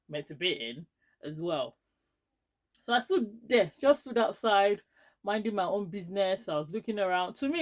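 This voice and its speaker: A woman from Edo State with a Nigerian accent, telling a storytime vlog in a lively, expressive way. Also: mid-range voice. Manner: lively, expressive, rising to anger as she tells it. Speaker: vlogger.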